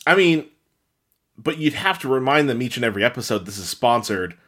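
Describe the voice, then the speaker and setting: A man chatting on a podcast with friends, his pitch swinging up and down in animated banter. He laughs easily and slips into a flat mock-pleading tone when reading things aloud. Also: brisk. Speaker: podcast co-host. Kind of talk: casual banter among friends.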